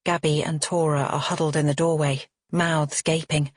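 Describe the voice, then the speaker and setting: Female audiobook narrator, measured, husky, dry booth sound. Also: low voice, level tone, dry recording. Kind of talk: scripted first-person narration.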